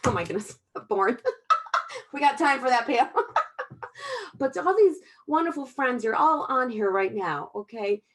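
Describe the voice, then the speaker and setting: A middle-aged woman giving a heartfelt motivational sales talk over a video call, chatty and often checking in with "okay?". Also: fairly high pitch. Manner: chatty, tags sentences with "okay?" and "all right?"; heartfelt, gets emotional at times. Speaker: Tupperware sales consultant presenting to a team.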